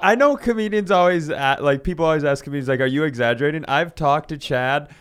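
A man co-hosting a comedy podcast, riffing with quick jokes and sudden shifts of pace. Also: on the high side, a bit bright. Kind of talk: casual banter.

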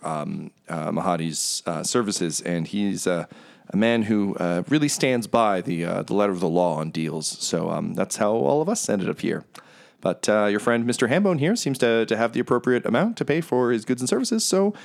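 A young adult man narrating a tabletop game as game master, halting with many fillers. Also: on the low side, animated, creaky.

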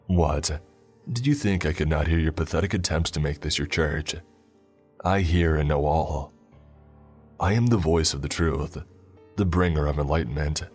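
A cruel, disembodied prophet, voiced by a man speaks in a cold, harsh, mocking tone with a garbled edge. The voice sits very low and heavy, with faint music beneath it in this spoken story. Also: moderate pace, slightly rough. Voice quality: garbled, distorted.

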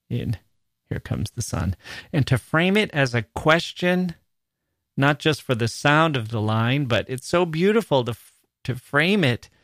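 A man in mid pitch talks through a poem with playful enthusiasm, reading lines aloud and tapping out their rhythm with his voice. The sound is close and dry, with no room around it. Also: fairly bright tone, no room sound. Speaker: podcast host. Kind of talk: enthusiastic literary lecture.

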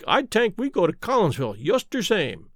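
A man voicing a stubborn middle-aged Scandinavian sailor with thick accented English who grumbles slowly about his boat. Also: sits high, big pitch swings, no room sound, studio quality. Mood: dismayed. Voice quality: thick Scandinavian-flavored English, "der" and "tank".

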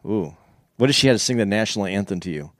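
A man co-hosting a casual podcast, teasing his partner and jumping in with quick comments. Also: lowish voice, expressive, dry recording, studio quality. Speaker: podcast co-host. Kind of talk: casual banter.

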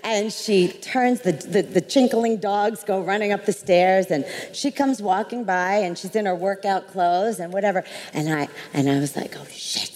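A woman on a live panel, a makeup artist telling an anecdote in an animated, laughing way. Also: medium pitch, normal speed, few pauses. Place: large event hall with audience. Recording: echoey hall, light background noise.

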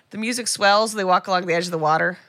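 A female podcast co-host with a mid-range, slightly bright voice casually recaps a film, performing the characters' lines and adding sarcastic asides. There is no echo on the recording.

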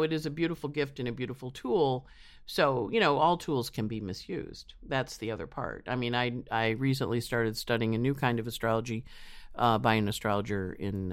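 A woman's voice: a bass voice, dry recording. A woman astrologer chatting in an interview, rambling with many restarts. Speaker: astrologer guest. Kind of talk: casual interview chat.

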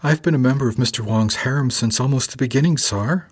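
A man's voice: medium pitch, fast, slightly rough, close to an everyday voice. A man voicing a cheeky young female spacer who teases in a wispy, sweet manner. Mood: teasing.

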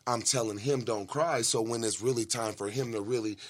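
A man's voice: medium pitch, steady tone, brisk, no echo. Young american guy cohosting, blunt and swearing a lot, pretty dry close mic. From United States. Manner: emphatic, profane, blunt. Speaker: podcast co-host. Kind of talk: casual chat.

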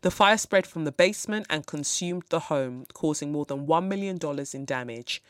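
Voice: mid-range voice, lively intonation, normal speed, clean tone, dry recording, studio quality. A podcast host, ranting with blunt, profane exasperation about the news. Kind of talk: ranting commentary.

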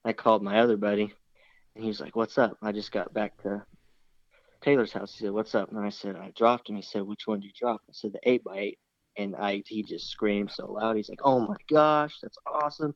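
Low-voiced man telling a hunting story. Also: fairly quick, no room sound, lo-fi sound. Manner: rambling, animated retelling with quoted dialogue. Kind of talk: casual storytelling.

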